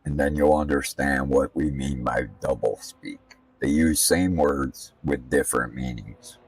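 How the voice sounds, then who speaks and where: A man's voice: very deep voice, a little slow, far from the mic, faint music behind. A man giving casual, profane commentary while practicing laps as a sim racing streamer, ranting bluntly between remarks on the car. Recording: voice set back from the mic.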